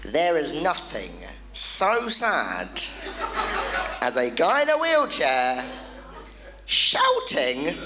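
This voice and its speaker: A male comedian telling an animated stand-up story on a club stage, punchy and quick to the punchline. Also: on the high side, a crowd in the background, rough recording. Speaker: comedian and compere.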